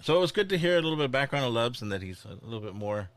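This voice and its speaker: Give me a podcast host man with an animated delivery. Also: medium pitch, no echo. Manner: leads segments, halting with fillers. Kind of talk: casual chat.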